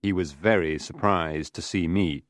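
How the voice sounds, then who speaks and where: A man's voice: low-pitched, unhurried, dry recording, clean studio sound. A man narrating a graded reader audiobook in a careful reading voice.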